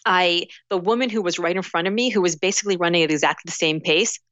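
A middle-aged woman tells stories as an interview guest, animated and quick to act out the voices in her head. Her voice is dry and close, with a dull, lo-fi sound. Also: lowish voice, no room sound. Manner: animated, acts out inner voices, many restarts. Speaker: guest author. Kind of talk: casual interview storytelling.

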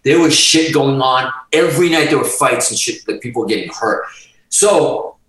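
A middle-aged man, a guest musician, telling a story in a casual, animated way, swearing constantly and restarting his sentences. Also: mid-range voice, normal speed. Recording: roomy sound, distant from the mic.

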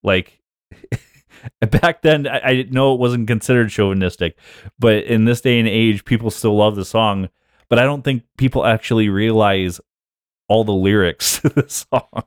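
A man's voice: on the low side, unhurried, clear, resonant tone, dry recording, studio quality. A man co-hosting a casual podcast, chatting and laughing often as he reads old lyrics aloud. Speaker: podcast co-host.

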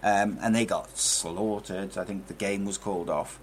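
With a low voice, fairly even intonation, and a moderate pace, a football podcast host chats casually. There's slight hiss or hum, and his talk wanders, dotted with many fillers.

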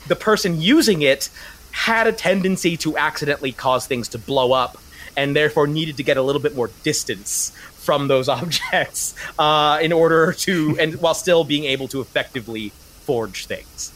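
A man's voice: a little high, normal speed, fairly bright tone. A man narrating as game master of a tabletop game, rambling with many fillers.

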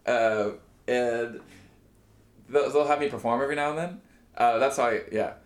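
A young man telling a self-deprecating story in casual podcast chat, halting, with many restarts. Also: mid-range voice. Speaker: guest comedian and musician. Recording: roomy echo.

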